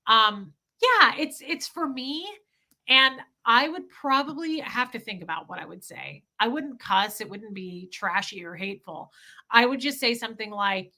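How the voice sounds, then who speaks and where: A woman's voice: on the high side, lively intonation, unhurried, pushed and bright. A woman in her forties, candidly chatting with viewers on a livestream, talking straight to chat. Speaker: livestream host.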